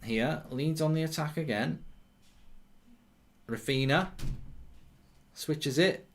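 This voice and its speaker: A man's voice: on the high side, slow, fairly bright tone, a little hiss or hum. A man hosting a live football watchalong, calling the action, cheering goals and reading viewer comments aloud in casual chat. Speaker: watchalong host.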